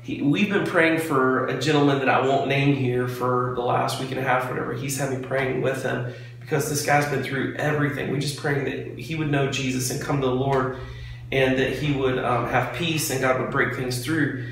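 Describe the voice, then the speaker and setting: Recorded on a front porch for a devotional vlog, a pastor speaks casually but earnestly and excitedly about faith, in a preacherly style. His medium pitch and normal speed sit under heavy reverb and faint hiss or hum.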